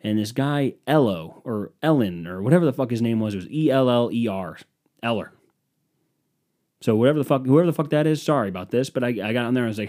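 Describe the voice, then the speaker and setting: A man's voice: medium pitch, animated, fast talker, mellow. A young man hosting a podcast, telling a profane, exasperated story in a casual solo rant. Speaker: podcast host.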